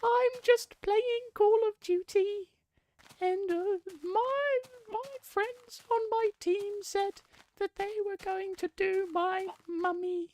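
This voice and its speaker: A man doing an impression of a timid, high-voiced male singer in a slow, quavering falsetto. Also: fairly even intonation, a little mellow, no echo. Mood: bewildered.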